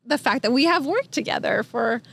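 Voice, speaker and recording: A woman's voice: on the high side, lively intonation, brisk, gravelly, fairly bright tone. Encouraging woman co-host, faint hiss. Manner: encouraging, sums up the other's story. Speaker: podcast co-host. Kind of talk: casual conversation.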